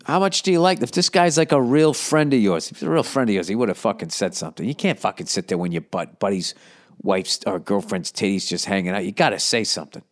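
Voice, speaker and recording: A man's voice: fairly low pitch, expressive, fast. A man hosting a casual advice podcast, talking in a blunt, profane, rambling way. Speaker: podcast host answering listener questions.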